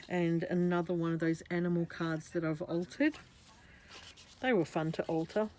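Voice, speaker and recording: A woman's voice: on the low side, normal speed, warm tone, a little hiss or hum. A woman with an Australian accent, chatting casually through a craft journal flip-through, meandering and often correcting herself. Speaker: craft vlogger.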